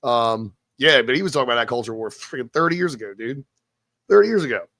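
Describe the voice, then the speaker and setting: A man's voice: mid-range voice, animated, a bit bright, dry recording, studio quality. A man hosting a live stream, chatting casually and ranting in a profane, rambling way, then reading scripted narration. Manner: reads scripted narration slowly. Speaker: live-stream show host.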